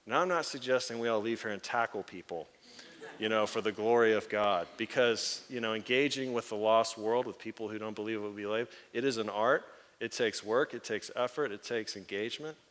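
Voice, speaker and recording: In a church sanctuary with long hall reverb, a pastor preaches a sermon, telling stories and laughing as he acts out the voices of the people in them. His voice is lowish and a little fast.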